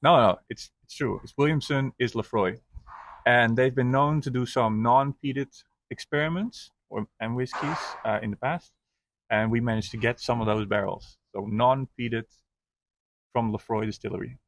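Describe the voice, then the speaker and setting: A man's voice: mid-range voice, moderate pace. A man, a brewer, explaining barrel aging at length in a casual tasting chat.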